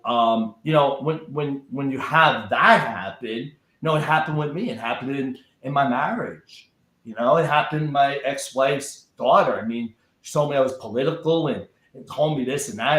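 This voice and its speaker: Male guest, average pitch, emphatic and repetitive, echoey room. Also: measured pace, a bit bright. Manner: emphatic, repeats words while building up. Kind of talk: casual chat.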